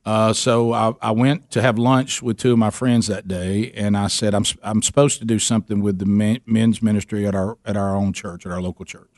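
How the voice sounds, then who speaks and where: A man's voice: lowish voice, no room sound, studio quality. A middle-aged man, telling a story in a casual interview, self-deprecating and often repeating himself. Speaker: guest talking about his men's ministry.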